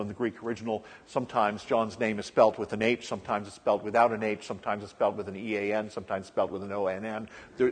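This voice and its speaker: A man's voice: medium pitch, slightly rough. A male pastor reads scripture and then teaches a sermon in a conversational way, with frequent ums and uhs. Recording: long echoing reverb of a large hall.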